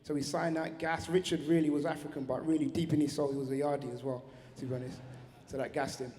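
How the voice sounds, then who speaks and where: A man's voice: a little high, level tone, fast, warm tone. A man giving a heartfelt, slangy tribute speech on stage at an awards ceremony. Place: large awards venue hall. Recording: reverberant hall.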